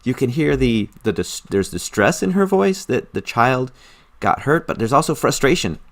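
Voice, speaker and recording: A man's voice: medium pitch, big pitch swings, moderate pace. Earnest man walking through his study routine. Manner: earnest, enthusiastic, repeats words for emphasis. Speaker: language learner explaining his study method. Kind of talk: casual screen-recorded tutorial.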